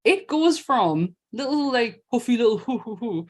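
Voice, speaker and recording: A woman from England, co-hosting a casual chat, animated and swearing casually. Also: a little high, moderate pace. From Northeast England. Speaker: podcast co-host.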